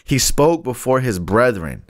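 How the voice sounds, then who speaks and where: A man's voice: medium pitch, big pitch swings, measured pace. A man hosting a live-streamed Bible study, reading aloud alone in a room into a microphone, laid-back and chatty, stumbling over hard names and laughing at his own jokes. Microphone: studio microphone.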